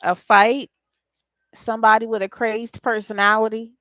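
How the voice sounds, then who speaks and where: A woman's voice: on the high side, flat delivery, normal speed, a bit bright, no echo. A woman doing a casual channeling session as a psychic reader, chatting and laughing with her viewers. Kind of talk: casual spirit channeling livestream.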